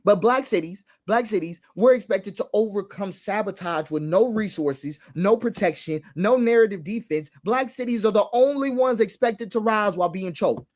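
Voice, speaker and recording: A man's voice: high-pitched, normal speed, hardly any pauses. A man giving impassioned social commentary, stressing points by repeating them, asking rhetorical questions and now and then laughing. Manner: emphatic, repeats key phrases, rhetorical questions.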